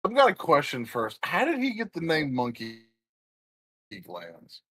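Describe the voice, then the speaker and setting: A male tabletop player with a husky, somewhat high voice that swings up and down a lot. He asks curious questions and laughs as he goes. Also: wildly swooping pitch, unhurried, a bit bright, low-quality recording. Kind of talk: casual game chat.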